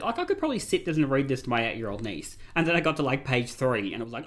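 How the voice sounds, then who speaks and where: A man co-hosting a podcast in casual chat, talking in an excited, animated way. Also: medium pitch, very fast. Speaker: podcast co-host.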